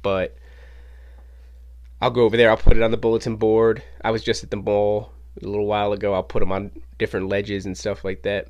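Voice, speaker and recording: A man hosting his own podcast, telling a casual story in an animated way and swearing freely. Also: on the low side, a little fast, dull audio. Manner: animated, acts out quoted voices, swears casually. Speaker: podcast host. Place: home podcast studio.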